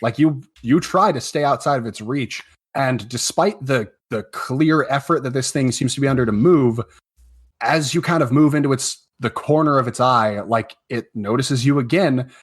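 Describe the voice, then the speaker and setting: A man's voice: mid-range voice, normal speed, husky. Laid-back male game master. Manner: relaxed, loose narration with many fillers. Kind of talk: narrating a tabletop game live.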